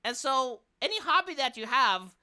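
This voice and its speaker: A woman's voice: high-pitched, moderate pace. A woman with a Romanian accent, ranting in casual, profane commentary on a live stream. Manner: profane, exasperated, animated.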